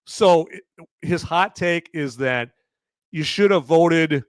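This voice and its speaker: A man's voice: on the high side, slow pace, smooth, no echo. Brief: middle-aged male host, rambling and mocking, dry close sound. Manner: rambling, sarcastic, filler-heavy. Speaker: podcast host. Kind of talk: casual mocking commentary.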